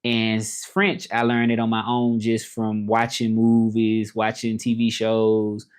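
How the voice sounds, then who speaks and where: A man's voice: fairly low pitch, completely flat delivery, unhurried. A man from Tennessee with a Southern accent, chatting casually on his livestream and answering viewer comments aloud. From Tennessee, USA. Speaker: livestream host and interpreter.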